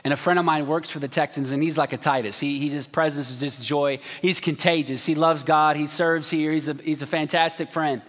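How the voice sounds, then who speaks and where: A man preaching a sermon as a pastor, telling a story with acted quotes in an animated way. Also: on the high side, a little fast, hardly any pauses, in a large hall. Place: large church auditorium.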